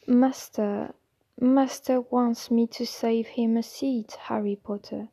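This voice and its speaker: A woman's voice: fairly even intonation, takes it slowly, dark tone, low-quality recording. A woman voicing a timid, anxious female house elf servant who speaks with broken grammar and keeps saying "sir". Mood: anxious deferential. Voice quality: squeaky, quivering.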